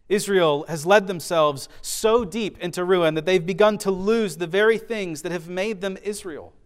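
A man's voice: sits high, steady tone, normal speed, hardly any pauses, smooth. Man preaching a dynamic sermon. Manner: dynamic preaching, swelling loud then dropping to soft, hushed emphasis; repetitive, rhythmic phrasing. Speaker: pastor.

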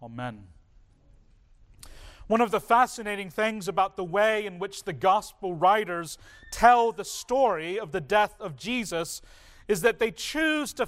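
Male pastor, high voice, slow measured sermon delivery with weighty pauses. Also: fairly bright tone. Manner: slow, deliberate preaching with dramatic pauses.

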